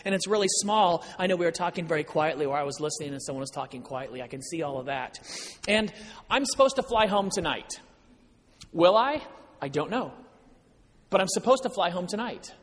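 Man with a high voice giving an earnest personal testimony, long echo of a big hall. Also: fairly quick. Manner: earnest storytelling, moving between excitement and quiet emotion. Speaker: speaker sharing personal testimony. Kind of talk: personal faith testimony to an audience. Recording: long reverb of a large hall.

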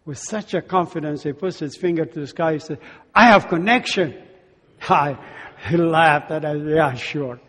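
A high-pitched man shares his testimony like a sermon, voicing both sides of old conversations with animated feeling. His voice carries with a long reverb, as if spoken from the stage of a large hall. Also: normal speed. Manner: animated storyteller acting out dialogue. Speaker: speaker giving testimony.

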